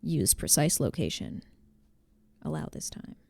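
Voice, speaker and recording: A woman's voice: deep voice, sing-song, unhurried, vocal fry, a little mellow, no room sound. Chatty young woman streamer. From New Jersey, USA. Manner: chatty, rambling with many fillers. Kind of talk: casual chat reading viewer messages.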